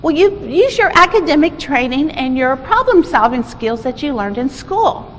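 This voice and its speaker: A woman's voice: sits high, sing-song, normal speed. A woman voicing a passing woman who brushes off a plea for help, recorded in an echoey hall. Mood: dismissive. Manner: brushing off, curt. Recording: echoey hall with faint noise.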